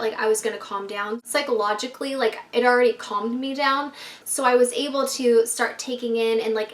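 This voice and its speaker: A young woman vlogger telling a storytime tale in a casual, animated way, swearing often and acting out her own panic. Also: a little high, distant mic, slight background noise. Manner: animated, profane and self-dramatizing. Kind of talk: storytime vlog. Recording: roomy echo, voice set back from the mic.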